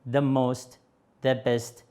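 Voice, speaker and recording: A man with an Arabic accent teaching English grammar on television, explaining slowly and patiently with fillers and repeated examples. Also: mid-range voice, flat delivery, dark tone. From Yemen. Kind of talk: TV grammar lesson.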